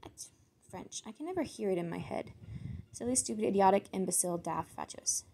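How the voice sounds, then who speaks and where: A woman's voice: mid-range voice, lively intonation, a little fast, creaky, dark tone, breathy edge. A woman reading out foreign words and their meanings, thinking aloud and sounding them out as she goes. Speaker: word channel host. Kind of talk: solo vocabulary reading.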